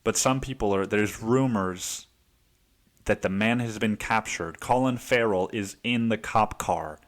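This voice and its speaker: A man hosting a podcast, telling a story in a casual, profane, rambling way, with "dude" in nearly every phrase and quick put-on voices for the people in it. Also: lowish voice. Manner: acts out other people's lines in quick voices. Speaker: podcast host.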